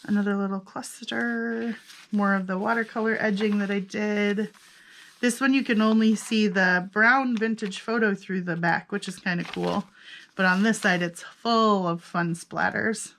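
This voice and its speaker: A woman talks through her handmade journals page by page in a casual, chatty way, amused at herself and thinking aloud. Her voice sits at an ordinary middle pitch. A faint hiss runs under the recording. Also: fairly even intonation, unhurried, vocal fry, a bit bright. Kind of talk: casual craft flip-through narration.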